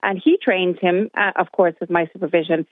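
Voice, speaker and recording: A woman's voice: lowish voice, brisk, dry recording. Indignant woman on a phone line. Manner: indignant, animated storytelling. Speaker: caller. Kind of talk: phone-in call. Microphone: telephone.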